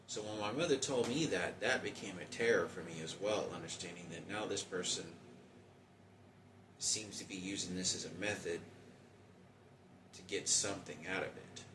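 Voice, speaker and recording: Low-voiced man in his forties, echoey. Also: recorded from a distance, noisy background. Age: 40s. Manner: rambling, halting, with many restarts. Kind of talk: personal monologue.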